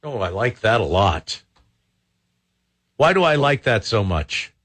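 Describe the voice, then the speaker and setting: A man's voice: on the low side, sing-song, measured pace, a bit bright. Joking male talk radio host. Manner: jokey, sarcastic, riffing aloud. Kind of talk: casual talk radio chat. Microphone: studio microphone.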